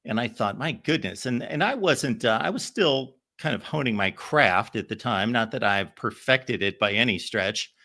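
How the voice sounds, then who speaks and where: A man hosts a call-in show in a bright, forward voice, middle of the range for pitch. He wanders from story to story, circling back with fillers and restarts. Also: lively intonation, normal speed, hardly any pauses. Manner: rambling, anecdotal, many fillers and restarts. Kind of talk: casual storytelling.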